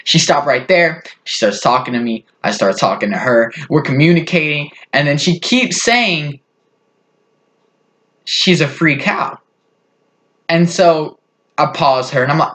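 A man's voice: on the high side, expressive, measured pace, fairly bright tone. A man casually telling a funny family story on his vlog, rambling with lots of fillers. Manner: rambling, full of "like" and "you know". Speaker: vlogger.

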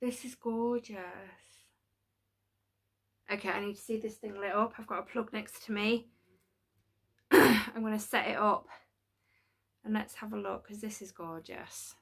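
Gushing woman, bright voice. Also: medium pitch, measured pace, gravelly, pauses often. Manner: gushing, excitable, breaks into squeals and whispers. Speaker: unboxing vlogger. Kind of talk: casual chat to camera. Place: home studio.

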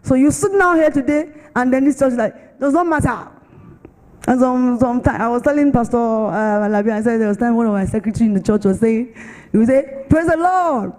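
A Nigerian woman pastor preaching, telling her story with lively, dramatic delivery. Her tone is mellow and dark. The sound rings out with a long church-hall reverb. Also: fairly high pitch, fast. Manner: animated storytelling, acts out other voices. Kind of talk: sermon with personal testimony.

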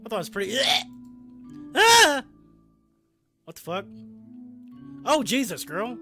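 A young man playing a video game and reacting with excited, swearing commentary, laughing often. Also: high voice, a little fast, creaky, over music. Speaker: let's player.

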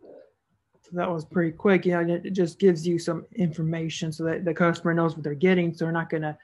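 A woman's voice: lowish voice, flat delivery, brisk, a little mellow. A woman narrating a screen-recorded tutorial as an online seller, casual and thinking aloud as she clicks through each step.

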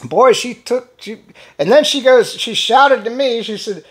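A middle-aged man hosting his own political commentary channel, speaking in a fairly high voice that rises and falls a lot. He rambles through stories with fillers, repeated words and restarts. His tone is blunt and indignant, with casual swearing. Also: animated, moderate pace.

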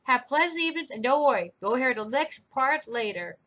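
A woman's voice: sits high, expressive, fairly quick, a bit bright. A woman co-hosting a casual chat, adding chatty, playful asides. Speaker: co-host.

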